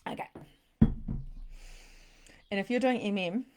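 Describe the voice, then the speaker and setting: A woman spiritual coach hosting a livestream, chatty and bubbly, reading comments and pitching her program, sometimes dropping to a hushed near-whisper. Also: heavy background noise. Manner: bubbly, chatty, reads comments aloud, quick laughs. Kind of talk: live-streamed sales pitch and chat.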